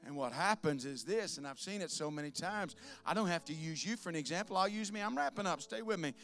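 A man preaching a sermon as pastor, swinging between loud preaching and soft asides, with laughs. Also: a little high, lively intonation, fast talker, faint music behind.

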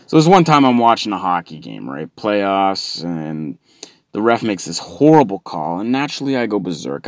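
Low-voiced man ranting stand-up. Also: dry recording, clean studio sound. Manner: sarcastic ranting, bursts into shouting. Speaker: stand-up comedian. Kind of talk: stand-up comedy routine.

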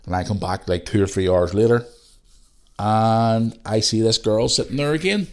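A British podcast host in his forties speaks a little fast in a fairly low voice. In a casual monologue, he tells a long personal story with heated, profane energy.

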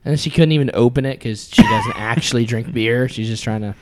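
A man's voice: mid-range voice, huge pitch swings, darkish tone. A man co-hosting a podcast, joking and teasing in casual chat. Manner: joking, quick to tease. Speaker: podcast co-host.

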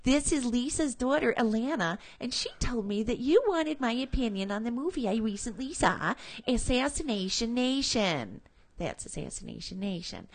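A woman doing a cheerful college-age young woman reading a listener's message aloud. The voice sits high and swings widely, bright and upbeat throughout.

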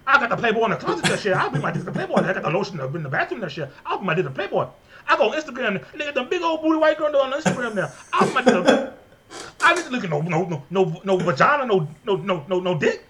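Crude loud Louisiana ranter, raised pitch, put on by a man. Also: sing-song, fast, crowd noise. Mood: ranting. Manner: rowdy, crude, repetitive.

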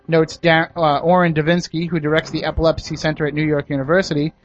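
A man's voice: on the high side, level tone, fast, dull audio, a little hiss or hum. A man hosting a casual talk show, reading news stories aloud and adding his own opinions and jokes. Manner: chatty, adds personal opinions and jokes.

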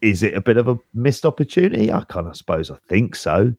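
A man with a very deep voice co-hosting a podcast, hedging his points in relaxed casual chat. His voice is recorded close and dry, with no room sound. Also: quick pace, dry recording. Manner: hedging, many fillers like "kind of". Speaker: podcast co-host.

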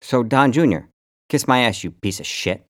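A man co-hosting a podcast in casual chat, animated and rambling, swearing freely and restarting his sentences. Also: mid-range voice, moderate pace, no echo, studio quality. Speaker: podcast co-host.

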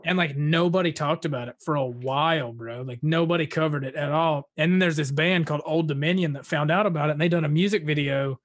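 A man's voice: fairly high pitch, fast, hardly any pauses, no echo. A young man hosting a podcast, rambling casually and filling his talk with "like" and "dude". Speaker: podcast host.

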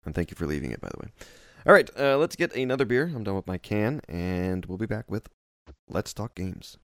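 A man's voice: fairly low pitch, lively intonation, a little fast, no room sound, studio quality. A man hosting a casual podcast chat, teasing his co-hosts while running the segments. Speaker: podcast host.

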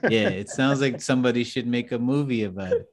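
Relaxed middle-aged man hosting. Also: mid-range voice, brisk, a little hiss or hum. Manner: relaxed, warm, laughs along. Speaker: interview host. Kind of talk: casual interview chat.

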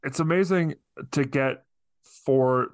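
Man, podcast guest, smooth clear voice, dry sound, thoughtful, hesitant, casual film talk. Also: medium pitch, slow pace, no room sound. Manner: thoughtful, hesitant with many restarts.

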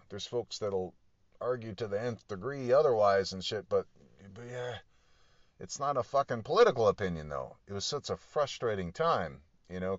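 A man's voice: medium pitch, no echo, highs cut off. A man hosting a podcast, ranting in a profane, exasperated, rambling way and laughing between points. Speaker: podcast host. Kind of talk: casual political rant.

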